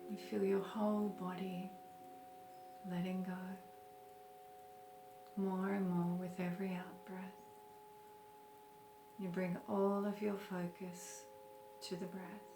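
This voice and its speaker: A woman leading a guided meditation in a slow, gentle, soothing way. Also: fairly low pitch, little pitch movement, noisy background. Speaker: meditation teacher. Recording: roomy with music behind. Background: soft music.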